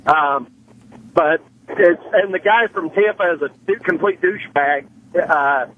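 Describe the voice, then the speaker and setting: A man from Indiana calling into a radio show, talking in a halting, rambling, nervous way. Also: fairly high pitch, phone-quality sound, slight background noise. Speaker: caller. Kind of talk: phone-in caller.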